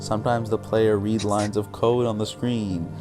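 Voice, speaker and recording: A man's voice: lowish voice, little pitch movement, moderate pace. A man hosting a game session, reading the game's text aloud and often stumbling and giggling over the words. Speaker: channel host. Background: game music.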